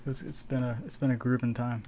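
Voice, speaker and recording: A man's voice: mid-range voice, little pitch movement, brisk. Joking male streamer on a noisy mic. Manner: joking, stammers and restarts. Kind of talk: casual gaming banter.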